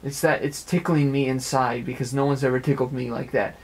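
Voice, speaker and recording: A man's voice: mid-range voice, flat delivery, fairly quick, slightly rough. A young man talking at length in an earnest, rambling personal monologue, repeating phrases as he goes, recorded in an apartment. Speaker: amateur web radio speaker.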